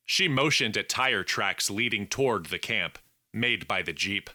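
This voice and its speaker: A man narrating an audiobook in a measured, deliberate way, with lively intonation. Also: lowish voice, no echo, clean studio sound. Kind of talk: scripted narration.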